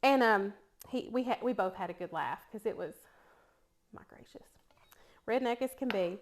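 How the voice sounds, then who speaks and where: A woman's voice: medium pitch, brisk. A middle-aged woman with an East Tennessee accent, chatting casually and telling stories while she cooks, laughing often. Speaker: cooking vlogger. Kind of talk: casual chat while cooking.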